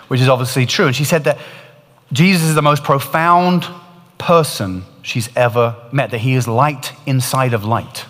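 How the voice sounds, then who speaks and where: A man's voice: mid-range voice, normal speed, a bit bright, big-room sound. A man preaching a sermon, retelling a story in an earnest, emphatic way that swells and drops in intensity.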